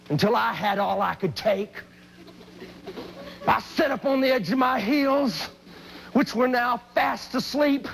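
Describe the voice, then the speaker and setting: A man telling a comic story on stage, animated and hyperactive, with sudden loud outbursts. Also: very high voice, measured pace, creaky, a little hiss or hum, poor audio. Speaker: Christian comedian and singer.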